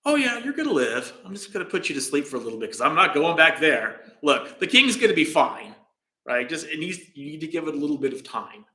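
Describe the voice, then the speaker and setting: A man playing a calm, clever physician. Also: on the high side, brisk. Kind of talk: dharma talk storytelling. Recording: roomy echo.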